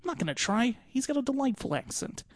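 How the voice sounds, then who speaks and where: A young man hosting a podcast, giving an excitable, rambling recap full of fillers. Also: very high voice, quick pace, no room sound, clean studio sound. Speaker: podcast host.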